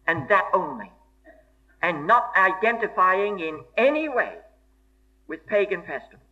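A man's voice: sits high, sharp tone. A man preaching a sermon in an earnest, emphatic way, repeating key phrases for stress. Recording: dull lo-fi sermon recording.

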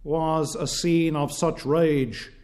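Slow, deliberate male preacher. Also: on the high side, steady tone, darkish tone. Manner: measured, declamatory preaching with frequent "uh" pauses. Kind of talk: sermon.

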